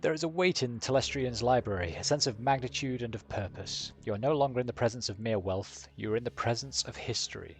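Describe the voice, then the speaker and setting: A man's voice: mid-range voice, brisk, few pauses. A man streaming a game live, reading its text and dialogue aloud with joking asides.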